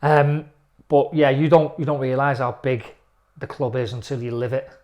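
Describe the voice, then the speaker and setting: A man, a former footballer telling animated stories in a casual interview. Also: medium pitch, moderate pace. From England. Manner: chatty, animated storytelling with lively quoted voices.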